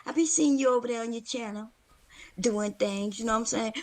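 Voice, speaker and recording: Brash, profane woman, slightly high voice. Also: a little fast, a little mellow. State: out of breath. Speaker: guest on a livestream. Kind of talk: casual livestream chat.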